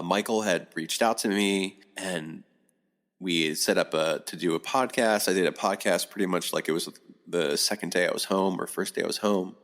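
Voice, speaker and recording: Deep-voiced man telling a rambling story. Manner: rambling, animated, swears often. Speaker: podcast guest. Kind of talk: casual storytelling.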